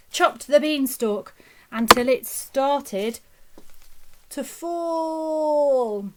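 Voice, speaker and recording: Slow expressive woman storyteller. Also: high voice, slight background noise. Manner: expressive, dramatic. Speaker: nursery teacher storyteller. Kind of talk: children's storytelling.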